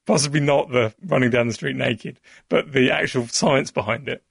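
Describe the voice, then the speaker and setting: A man's voice: medium pitch, normal speed, creaky, husky, no room sound, studio quality. A man, a science expert guest, patiently explaining an experiment step by step.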